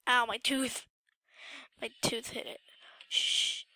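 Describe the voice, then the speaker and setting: A woman's voice: fairly high pitch, slow pace, no echo, poor audio. A teenage girl, sick with a sore throat, commenting on her gameplay at home with panicky outbursts and occasional whispers. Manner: excitable, panicky exclamations, drops to whispers. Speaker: gamer.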